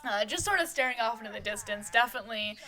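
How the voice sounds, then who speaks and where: A woman's voice: on the high side, expressive, quick pace, sharp tone. A woman casually narrating a life-sim soap opera, chatty with fillers and asides.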